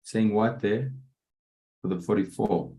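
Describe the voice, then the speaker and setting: A man coaching a live online trading room, often pausing to ask whether his listeners are following. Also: lowish voice, warm tone. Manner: keeps checking in with listeners. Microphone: video call.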